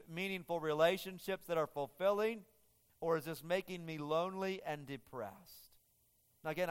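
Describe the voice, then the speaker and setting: A male pastor delivers an earnest, conversational sermon, circling back and restarting phrases as he goes. His voice sits a little high for a man and comes through smooth and resonant. A long reverb trails behind him, as in a large church hall.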